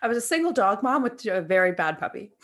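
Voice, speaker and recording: A woman's voice: mid-range voice, quick pace. A young adult woman co-hosting a podcast, telling stories with lots of laughter and casual swearing. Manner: animated storyteller, laughs often, swears freely. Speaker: podcast co-host. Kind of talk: casual chat.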